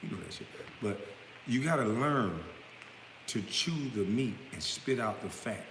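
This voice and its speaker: A man in his thirties ranting bluntly to camera, swinging from low mutters to loud outbursts. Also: lively intonation, unhurried, a little hiss or hum. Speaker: vlogger. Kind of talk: profane rant to camera. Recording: echoey room with long reverb.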